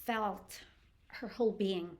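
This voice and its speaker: A woman's voice: mid-range voice, steady tone. Earnest older woman telling a story. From Canada. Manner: earnest and halting, with restarts and acted-out quotes. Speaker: podcast host. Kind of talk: personal storytelling podcast.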